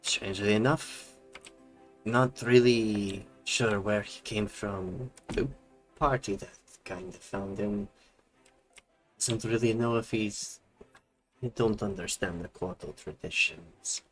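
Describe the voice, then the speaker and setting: A man narrating as game master of a tabletop game, halting with many fillers. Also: lowish voice, fairly even intonation, soft background music. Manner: halting, many fillers, chuckles between lines.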